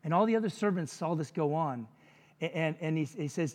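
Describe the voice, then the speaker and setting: High-voiced preacher in a reverberant hall. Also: male voice, animated, normal speed, darkish tone. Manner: conversational, jokey preaching with frequent asides. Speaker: pastor. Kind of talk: sermon.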